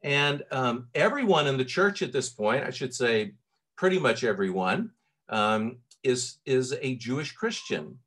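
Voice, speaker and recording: This middle-aged Tennessee pastor speaks with a Southern accent and a medium-pitched male voice that runs a little slow. His sermon is relaxed and conversational, full of fillers and restarts.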